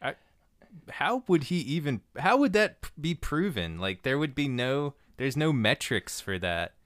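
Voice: mid-range voice, sing-song, a little slow. A podcast co-host chatting casually and joking along. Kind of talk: casual chat.

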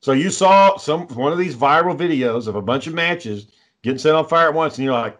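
A man's voice: fairly high pitch, lively intonation, fairly quick, fairly bright tone. A man in casual conversation, talking bluntly and swearing heavily. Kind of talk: casual profane chat.

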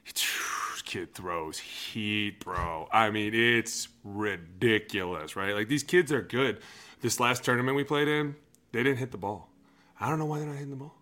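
Rowdy joking man, loud storyteller. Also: normal speed. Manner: loud, joking storyteller who swings between shouts and low asides. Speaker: podcast co-host, former pro football lineman. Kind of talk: casual banter.

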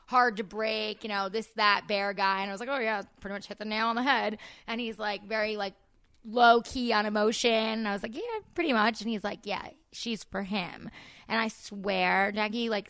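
A woman as a podcast guest, chatting casually and acting out quotes in animated stories. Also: medium pitch, clean tone, no echo, studio quality. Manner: animated storyteller, acts out quotes. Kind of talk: casual chat.

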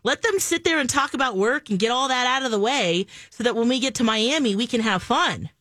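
A woman's voice: fairly high pitch, lively intonation, a little fast, fairly bright tone, no room sound, clean studio sound. Blunt, teasing woman co-host. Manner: blunt, teasing, laughs often. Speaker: radio co-host. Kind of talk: casual radio chat.

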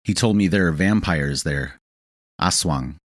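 A man's voice: deep voice, unhurried, dry recording, studio quality. A man voicing a nervous, self-conscious middle-aged Western traveler in a hesitant manner.

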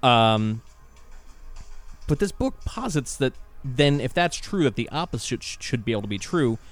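A man's voice: mid-range voice, big pitch swings, normal speed, soft background music. A man co-hosting a casual podcast, who swears often and rants heatedly. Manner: profane, heated ranting. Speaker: podcast co-host.

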